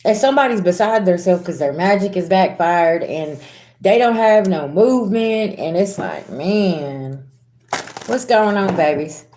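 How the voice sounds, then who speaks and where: A woman's voice: fairly low pitch, animated, unhurried, mellow, roomy sound. A woman giving a casual tarot reading to her viewers, talking bluntly with sass, slang and swearing. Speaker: tarot reader.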